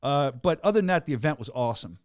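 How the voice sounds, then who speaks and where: A man hosting a studio podcast in a casual, energetic, rambling way. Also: mid-range voice, fast talker, dry recording. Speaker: podcast host. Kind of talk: casual chat. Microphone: studio mic.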